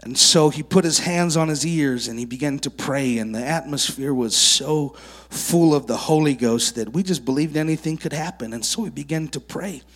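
At a kids camp, a male preacher in a church sanctuary tells miracle testimonies and calls up child volunteers during his sermon. He's an animated storyteller with a slightly high voice, speaking at a moderate pace with hardly any pauses.

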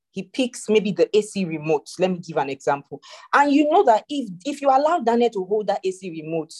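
Lively woman leading a prayer call. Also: on the low side. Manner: animated, preachy, laughs and jokes. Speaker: prayer group leader. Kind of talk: testimony session on a call.

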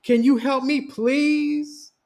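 A man reading a story voices a young woman, a stressed bride pleading with her cousin in a raised, quick voice. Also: lively intonation, natural voice. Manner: high, pleading and fast.

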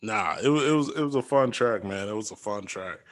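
Animated young man telling stories. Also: lowish voice, a little fast, no echo. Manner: animated storyteller, acts out quotes, laughs often. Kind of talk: casual chat.

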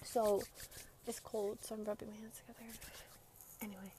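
A woman's voice: medium pitch, little pitch movement, moderate pace, mellow, a little hiss or hum. A young woman telling a rambling, profane storytime, often quoting her friends. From Brooklyn, New York. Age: young adult. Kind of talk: casual storytime.

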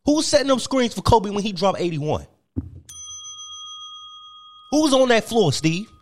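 A man's voice: medium pitch, lively intonation, brisk, slight background noise, close to an everyday voice. A man doing an indignant stammering ex-athlete. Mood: insistent. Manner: stammering, repeating himself, indignant. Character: aggrieved former pro basketball player, adult man. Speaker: prank caller.

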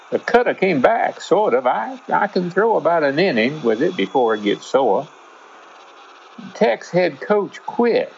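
A man's voice: mid-range voice, slight background noise. Man reading a first-person story. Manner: relaxed, conversational storytelling. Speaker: narrator. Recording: dull lo-fi with faint music.

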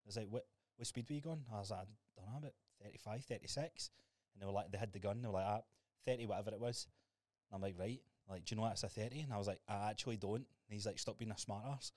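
A man's voice: on the low side, fast, darkish tone, no room sound. A young man with a Scottish accent, co-hosting a podcast and telling stories in a sweary, laughing way. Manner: storytelling, sweary, laughs often. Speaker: podcast co-host. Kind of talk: casual chat.

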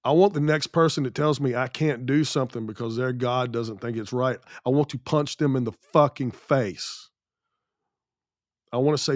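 A man's voice: mid-range voice, lively intonation, normal speed, no room sound, clean studio sound. A man hosting a solo podcast, ranting bluntly and swearing, sick with an ear infection. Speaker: podcast host. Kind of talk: angry solo podcast rant.

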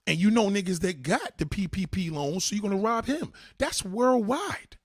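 A man with a somewhat high, husky voice rants in a heated, profane monologue. His pitch swings widely as he hammers the same points again and again. The sound is dry and close. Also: lively intonation, brisk, no echo. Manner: blunt, repetitive, swearing a lot.

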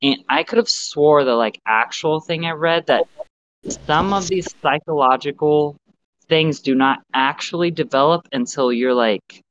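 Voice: mid-range voice, fairly bright tone. Blunt, profane podcast host, muffled sound. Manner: blunt, profane, rambling opinions. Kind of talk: casual podcast chat. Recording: slightly muffled podcast audio.

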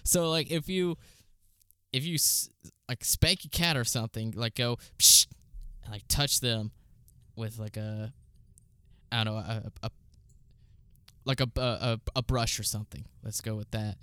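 A man co-hosting a casual chat, rambling with lots of fillers and deadpan asides. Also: medium pitch, a little slow, long pauses, clean tone, no room sound. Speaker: podcast co-host.

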